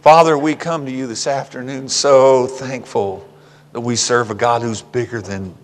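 An older man preaching a folksy, humorous sermon and closing in prayer, swinging from hushed whispers to loud cries. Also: medium pitch, fairly even intonation, normal speed. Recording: long reverb in a hall.

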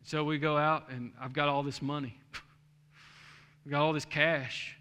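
A man's voice: a little high, level tone, measured pace, sharp tone, clean tone. A middle-aged man, a pastor, telling a story in a sermon and building to a fervent preaching cadence, in a church sanctuary.

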